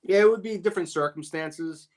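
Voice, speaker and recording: A man's voice: sits high, brisk. Laid-back man, tobacconist co-host. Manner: laid-back, brief answers. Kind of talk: casual cigar podcast chat.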